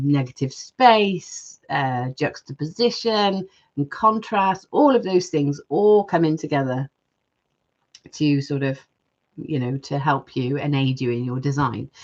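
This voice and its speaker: A woman's voice: low-pitched, animated, measured pace, highs cut off. A woman hosting a live jewellery-making stream, chatting casually and reading viewer comments aloud.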